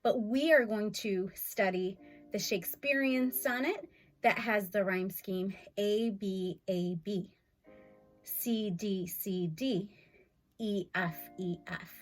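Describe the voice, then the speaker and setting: A woman's voice: medium pitch, slow pace. A woman teacher explaining poetry in a video lesson, upbeat and explanatory, tapping out beats as she goes. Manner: clapping out syllables, upbeat and explanatory. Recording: faint music in background.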